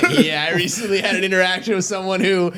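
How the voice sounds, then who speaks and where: A man with a high voice tells a story on a casual podcast. He is a stand-up comic and acts out the lines of the people in his story with lively energy. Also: normal speed, noisy background. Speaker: stand-up comedian, podcast guest.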